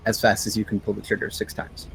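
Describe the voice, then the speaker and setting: A man's voice: fairly low pitch, little pitch movement, quick pace, vocal fry, fairly bright tone, breathy edge, low-quality recording. A man co-hosting a live gaming stream, giving instructive advice and rattling off game loadouts. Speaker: co-host player.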